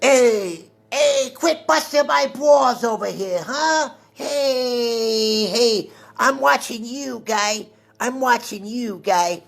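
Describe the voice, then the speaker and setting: A man doing an impression of a gruff, menacing tough-guy character with a slow, gravelly delivery. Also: extremely high pitch, a bit bright, pitched above the performer's own voice, full character voice. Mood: mock menacing. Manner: gravelly, slow, mock-threatening.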